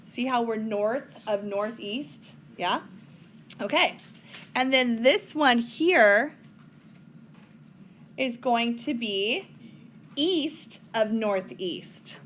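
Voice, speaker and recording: A woman's voice: on the high side, lively intonation, very slow, long pauses, a bit bright, a little hiss or hum. A woman teaching a recorded whiteboard math lesson, chatty, with playful asides to her students.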